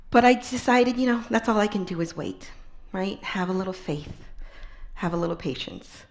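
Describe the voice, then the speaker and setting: A woman speaker tells an inspirational story to an audience. Her voice sits at an ordinary middle pitch. She is expressive and often drops to a soft, hushed tone for emphasis. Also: moderate pace. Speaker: public speaker.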